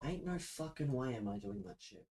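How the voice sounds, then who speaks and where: A man's voice: medium pitch, animated, moderate pace, mellow, poor audio. A young man streaming live, venting to his chat in a profane, sarcastic, exasperated way.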